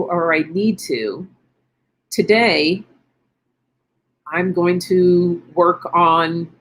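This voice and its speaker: Husky low-voiced woman hosting a chat. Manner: encouraging, chatty, thinks aloud with fillers. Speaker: live stream host. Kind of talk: casual wellness chat reading viewer comments.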